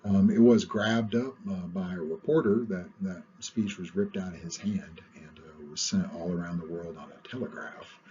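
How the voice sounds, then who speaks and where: Deep-voiced male lecturer, muffled recording. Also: moderate pace, hardly any pauses, dark tone. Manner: conversational, stops often with "uh". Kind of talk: recorded lecture on public speaking. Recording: muffled lo-fi recording with faint hiss.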